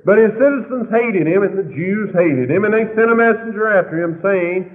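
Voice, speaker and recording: A man preaching a fiery sermon, with sudden loud, high swings in his delivery. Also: animated, fairly quick, few pauses. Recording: tinny, lo-fi recording in a long-echo hall.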